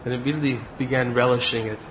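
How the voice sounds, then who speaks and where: Man, devotional class talk, relaxed storytelling, dull lo-fi sound, faint hiss. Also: mid-range voice, rapid-fire. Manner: relaxed storytelling with occasional chuckles. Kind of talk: storytelling sermon.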